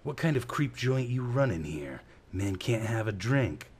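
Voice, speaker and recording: A man's voice: medium pitch, very animated, measured pace, slightly rough, pitched above the performer's own voice, exaggerated voice. A man doing a bitter young hustler. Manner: bitter, sarcastic.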